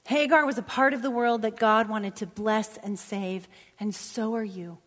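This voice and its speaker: A woman preacher delivering a sermon and closing prayer, dropping to hushed whispers and rising to loud, emphatic passages. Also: medium pitch, moderate pace. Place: church sanctuary. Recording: long hall reverb.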